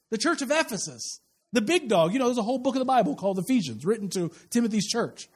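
A young man delivering a sermon from the pulpit, his voice pitched unusually high for a man. He preaches in a casual, animated way, slipping into quick acted-out exchanges to draw the congregation in. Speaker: pastor.

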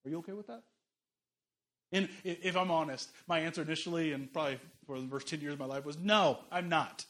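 A man's voice: on the high side, fast talker, fairly bright tone. A middle-aged pastor preaching a sermon, a man who tells stories animatedly and acts out the voices he quotes.

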